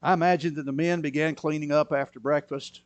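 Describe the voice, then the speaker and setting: A man preaching a sermon, moving between quiet, low asides and loud, emphatic bursts. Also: fairly even intonation, a little fast, no echo. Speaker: pastor.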